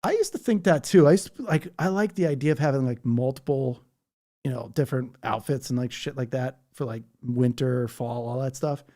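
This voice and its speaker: A man's voice: mid-range voice, fairly quick, mellow. A man hosting a casual livestream, chatting loosely and reading out viewer comments. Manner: rambling, chatty, reads chat comments aloud. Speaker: livestream host.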